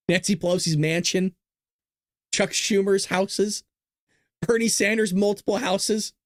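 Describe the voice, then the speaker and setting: A sarcastic man rants through a live-streamed political commentary show, his voice sitting a little high for a man. He mocks opponents and reads out viewer chat as he goes. The sound is close and dry, with no room echo. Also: fairly even intonation, slow.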